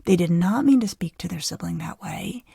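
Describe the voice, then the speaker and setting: A middle-aged woman psychologist hosting a podcast, explaining conversationally with an animated, easy manner. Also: on the low side, normal speed, creaky, husky, no echo, clean studio sound. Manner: animated, explanatory, laughs easily. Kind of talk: conversational expert advice.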